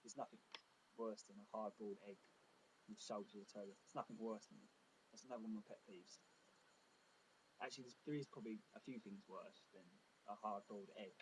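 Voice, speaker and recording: A man performing a stand-up comedy routine with deadpan, self-deprecating asides. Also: fairly low pitch, brisk, noisy background.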